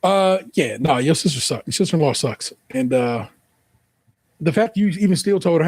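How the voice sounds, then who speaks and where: A man's voice: medium pitch, lively intonation, normal speed, dry recording. A man with an American accent reading an online post aloud, then joking through profane commentary and spelling out the typos. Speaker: podcast host.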